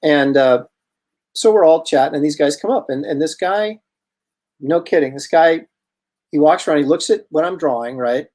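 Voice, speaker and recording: Chatty man telling a story. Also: a little high. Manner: lively storyteller, halting restarts. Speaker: host. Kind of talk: casual anecdote on a livestream.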